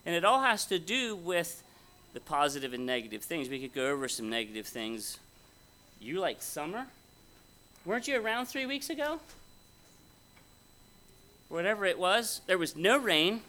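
A man's voice: a little high, very animated, moderate pace, long pauses, bright, forceful tone. A man preaching a conversational, folksy sermon at a Bible conference, often asking his audience questions. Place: conference hall before an audience.

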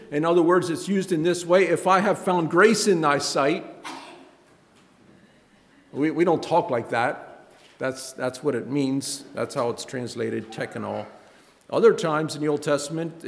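A man preaching a sermon, halting and repeating words, his voice climbing when he stresses a point. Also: a little high, creaky, a little mellow. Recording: reverberant hall with faint noise.

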